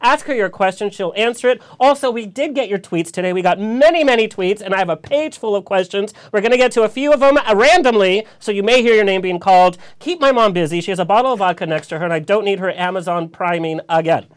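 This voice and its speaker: A man's voice: sits high, fast, few pauses, clear, resonant tone. A man hosting a radio talk show, campy and sassy, firing off quips and laughing often. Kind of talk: campy comedic radio chat.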